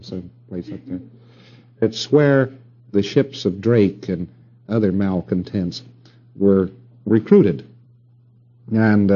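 A man's voice: on the low side, mellow. Wry middle-aged man lecturing, muffled tape. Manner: rambling, wry asides, rhetorical questions to the room. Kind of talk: recorded lecture to an audience.

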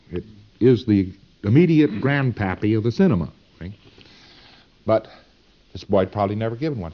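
A man's voice: on the low side, dull audio. A man giving a lecture to students in a folksy, emphatic, digressive way.

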